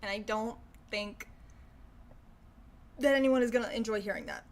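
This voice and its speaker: Sarcastic young woman livestreamer, fairly high voice. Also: normal speed. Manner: sarcastic, profane, laughs often. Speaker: livestream host. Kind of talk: casual livestream chat reacting to news.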